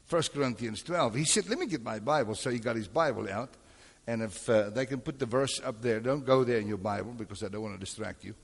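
A husky-voiced male preacher delivering a sermon, often calling on the congregation for an amen. His voice rings out with a long reverb, as in a large church hall. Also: mid-range voice, fairly quick. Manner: calls for amens and crowd responses. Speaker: pastor.

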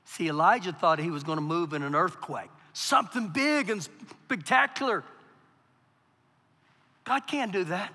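High, bright-voiced preaching man. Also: measured pace, long pauses. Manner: preaching with big swings from quiet to loud. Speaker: pastor. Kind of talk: sermon. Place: church hall. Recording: live church hall with long reverb.

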